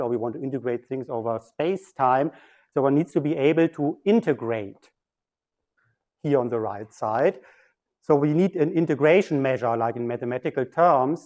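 A man's voice: a little high, a little mellow. Man lecturing on mathematical physics. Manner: deliberate, explains step by step at a board.

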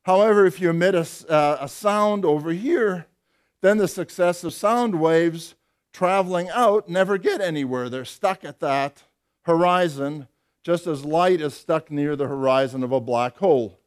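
A man's voice: on the high side, moderate pace. Older man giving a physics lecture. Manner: explanatory, dry wry humour, hesitant fillers. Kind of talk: academic lecture.

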